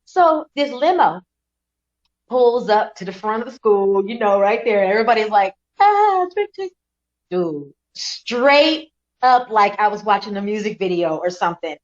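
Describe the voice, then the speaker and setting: A woman in a casual chat, telling a story in a lively way with quick asides. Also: mid-range voice. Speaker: show host. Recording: slightly dull lo-fi recording.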